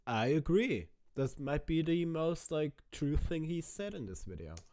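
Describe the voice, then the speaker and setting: A man's voice: fairly high pitch, very animated, a little slow, darkish tone. A man casually reacting to a video clip, chatting and swearing freely as he talks to his viewers.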